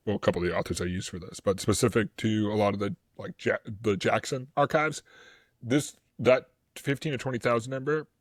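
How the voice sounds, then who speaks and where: A man's voice: fairly low pitch, no room sound. Guy rambling about history on a podcast, lots of ums, dry close sound. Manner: animated, rambling with fillers and laughs. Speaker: podcast co-host. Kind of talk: casual history podcast chat.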